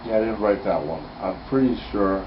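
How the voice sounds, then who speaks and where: In a slightly muffled home recording with noise in the background, a man with a fairly low voice gives an informal Bible code lesson on Torah codes, speaking a little fast. He's enthusiastic, thinking aloud and correcting himself along the way.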